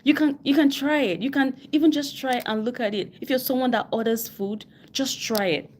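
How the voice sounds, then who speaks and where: A woman with a high voice and a West African English accent coaches viewers on personal finance during a live stream, speaking at normal speed. She's emphatic, stressing her points by repeating key phrases, and she mimics people in mock voices when quoting them.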